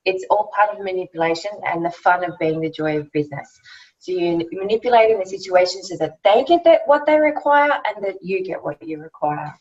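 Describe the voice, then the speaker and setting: A woman's voice: fairly low pitch, lively intonation, fairly quick, darkish tone. A woman joining an online book club discussion remotely, enthusiastic, with many fillers and restarted words. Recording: distant muffled call audio.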